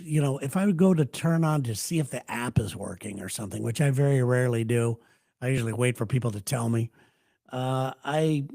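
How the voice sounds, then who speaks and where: A man's voice: medium pitch, creaky, a little mellow. A middle-aged man hosting a live show, chatting candidly in a rambling, self-deprecating way while answering viewer comments. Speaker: radio host doing a live chat show.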